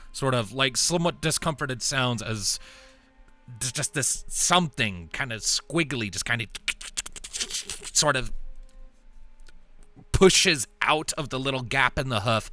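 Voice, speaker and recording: A man narrating a tabletop game as dungeon master, in a relaxed, rambling way with frequent laughs. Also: medium pitch.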